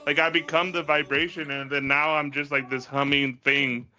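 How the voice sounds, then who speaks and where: A man's voice: on the high side, little pitch movement, normal speed, sharp tone. A man telling a long story in casual chat, rambling with lots of "like", swearing and laughing as he goes. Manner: rambling, heavy use of "like", laughs often, swears freely.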